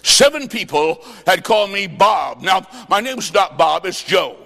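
A high-pitched male preacher delivering a sermon in a large church hall, his voice trailing off in a long reverb. He talks dramatically, swinging from loud shouts to hushed asides with a sing-song cadence. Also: sing-song, unhurried, gravelly. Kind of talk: sermon with storytelling.

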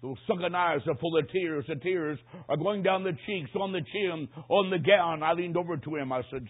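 A man preaching a sermon, telling a story dramatically, dropping to a hush and rising to a shout. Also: on the high side, moderate pace, hardly any pauses, husky. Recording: tinny phone-like lo-fi recording.

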